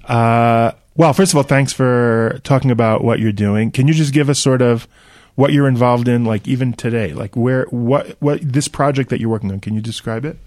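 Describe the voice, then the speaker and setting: A man's voice: mid-range voice, moderate pace, darkish tone, no echo, clean studio sound. A man hosting a talk show, asking casual questions with a joking manner. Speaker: host. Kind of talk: podcast interview.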